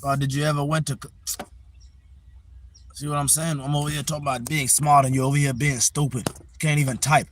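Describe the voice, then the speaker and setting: Man, live-stream chat, cocky and playful, slightly high voice, outdoors on a phone, faint noise behind. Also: little pitch movement, fairly quick, pauses often. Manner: boastful, playful trash-talk at the chat. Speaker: livestreamer. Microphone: phone on a tripod.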